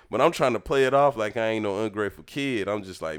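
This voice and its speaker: A young man telling a lively childhood story in casual chat, acting out the people in it. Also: fairly low pitch, a little fast, smooth. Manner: animated, acts out voices in his story. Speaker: storyteller talking with his mother.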